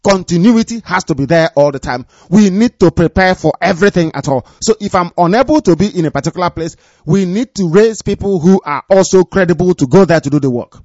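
A man giving a live radio address to his followers as their movement leader. He speaks in a commanding, repetitive way and drops low and quiet when he gives warnings. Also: lively intonation, fairly quick, hardly any pauses, no room sound, highs cut off.

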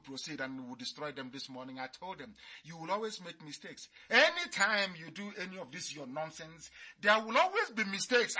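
A man's voice: fairly high pitch, sharp tone. A man giving a fiery, mocking radio address, repeating his points. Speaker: radio broadcaster.

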